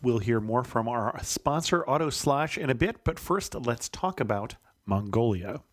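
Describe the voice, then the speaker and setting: A man's voice: mid-range voice, lively intonation, a little slow, noisy background. A man hosting a travel podcast interview, talking in a playful, self-teasing way. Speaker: podcast host.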